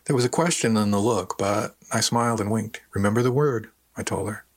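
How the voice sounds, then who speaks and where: A man's voice: fairly low pitch, fairly even intonation, fairly quick, husky. A man narrating a story in the first person with dry, wry storytelling. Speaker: audiobook narrator. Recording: dry close recording.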